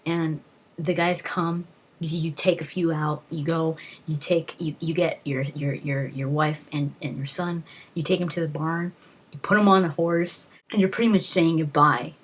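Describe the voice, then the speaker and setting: A woman's voice: sits low, steady tone, normal speed, breathy edge. A woman hosting a gaming vlog, telling a story in a rambling, emotional way with many fillers and restarts. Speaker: gaming video host.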